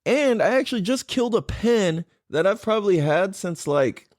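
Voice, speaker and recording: A man's voice: high voice, normal speed, no echo, clean studio sound. A young man hosting a podcast, chatting casually with lots of swearing and laughter. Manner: animated, swearing, laughs a lot. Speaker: podcast host. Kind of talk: casual chat.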